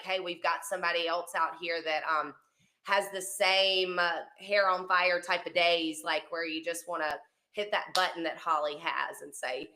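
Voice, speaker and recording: A woman's voice: lowish voice, fairly even intonation, normal speed. A woman from Mississippi with a Southern accent, a cleaning company owner chatting casually as a guest on a video call. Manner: chatty, warm storytelling with fillers. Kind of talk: casual panel chat.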